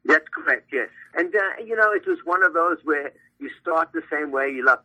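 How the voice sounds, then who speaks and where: A man's voice: on the high side, brisk, hardly any pauses, bright, forceful tone, husky. An older man with a South African accent, calling in as a guest, chatty and a bit boastful, rambling with fillers. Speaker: guest, hair stylist and brand CEO. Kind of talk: phone-in interview. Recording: tinny phone line.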